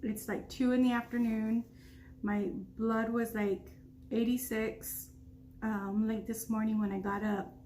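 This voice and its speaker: A woman's voice: a little high, level tone, a little slow, warm tone, slight background noise. Chatty woman vlogger talking while eating. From United States. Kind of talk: casual mukbang storytelling.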